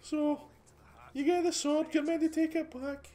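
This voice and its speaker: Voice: high voice, level tone, measured pace, warm tone. A host with a Scottish accent giving casual, rambling commentary over gameplay, chatty and full of restarts. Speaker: gaming channel host.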